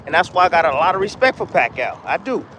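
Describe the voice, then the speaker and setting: A man's voice: sits high, big pitch swings, quick pace, background noise. A man, a former boxer, giving blunt opinions in a casual monologue, repeating himself and trash-talking.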